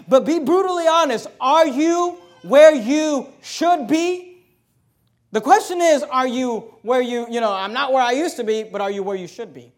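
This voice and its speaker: High-voiced preacher delivering a sermon. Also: male voice. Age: adult, married. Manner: preaching with rising emphasis, then dropping to a confiding tone; reads scripture slowly and deliberately. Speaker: pastor.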